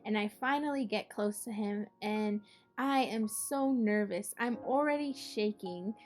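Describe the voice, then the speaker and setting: A woman's voice: medium pitch, unhurried, darkish tone. A young adult woman hosting an art session, telling a personal story in a casual way with many "like"s and "you know"s. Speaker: art project host and storyteller.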